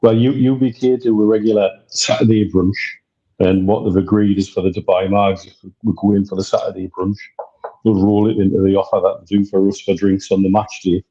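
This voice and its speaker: A man from a supporters' club chatting casually, explaining a plan in a relaxed way. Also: fairly low pitch, a little fast, lo-fi sound. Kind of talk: casual chat.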